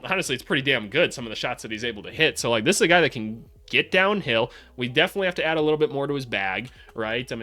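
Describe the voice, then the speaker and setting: Young male host, casual film breakdown, mid pitch, excitable, cursing. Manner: excitable, swears freely, talks to the players on screen. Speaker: host breaking down draft prospects.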